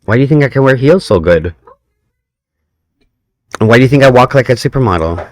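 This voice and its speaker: A man's voice: mid-range voice, expressive, fairly quick, no echo. A man chatting casually as co-host, telling a story and making playful, teasing remarks. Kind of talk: casual chat.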